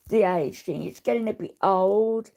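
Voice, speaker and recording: Slow, gravelly woman in her seventies. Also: medium pitch, dark tone. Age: 70s. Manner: chatty, rambling, blunt and opinionated. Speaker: livestream host. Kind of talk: casual livestream chat, reading viewer comments.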